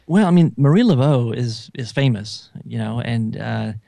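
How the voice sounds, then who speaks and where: A man as a podcast guest, speaking in a relaxed, unhurried way with hesitant fillers. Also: mid-range voice, vocal fry, dry recording. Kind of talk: casual conversation.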